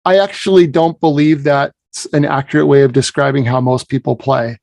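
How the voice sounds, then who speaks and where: A man's voice: medium pitch, fairly even intonation, normal speed, gravelly, hardly any pauses, darkish tone, dry recording. A man who teaches piping, explaining musical expression in a conversational lesson and often checking in with "right?". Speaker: piping instructor.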